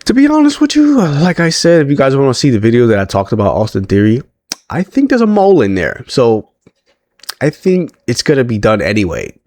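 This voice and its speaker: A man's voice: mid-range voice, very animated, a little fast, a little mellow, no room sound. A man recapping a wrestling show in a casual, chatty way, laughing often and restarting his sentences.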